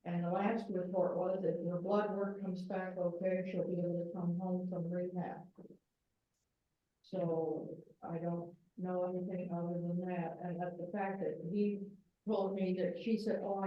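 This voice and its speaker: A woman's voice: lowish voice, little pitch movement, normal speed. A woman at a group meeting giving a matter-of-fact update on a member. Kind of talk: casual meeting report. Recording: distant, echoey, muffled, hissy room mic.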